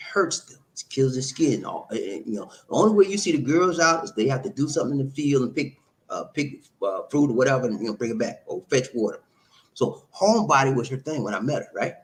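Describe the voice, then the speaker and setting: Chatty middle-aged man giving relationship advice. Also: a little high. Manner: animated, loose, conversational, laughs often, repeats himself. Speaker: host answering viewer comments. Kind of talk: live-stream relationship advice talk.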